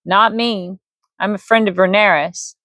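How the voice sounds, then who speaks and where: A woman's voice: mid-range voice, steady tone, a little slow, a bit bright, no echo. Tired male wizard, read by a woman, laconic, blunt, dry close sound.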